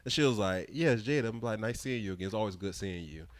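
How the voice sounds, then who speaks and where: Speaking quickly in a fairly low voice, this young man co-hosts a podcast and recounts a story bluntly. He's animated in the casual chat, putting on quoted voices for both people in the exchange.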